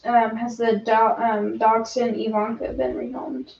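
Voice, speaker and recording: A woman's voice: fairly high pitch, little pitch movement, measured pace, gravelly, darkish tone. A woman chatting casually on a livestream, reading headlines aloud with hesitant ums. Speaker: livestream co-host. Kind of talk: casual chat. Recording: distant, roomy, dull-sounding.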